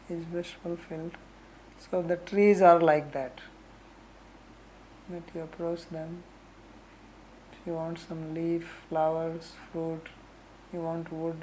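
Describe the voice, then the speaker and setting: A woman who teaches scripture verses, explaining them slowly with homely examples and frequent "right?" asides. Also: fairly low pitch, dark tone, a little hiss or hum, rough recording. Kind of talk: lecture on Sanskrit verses.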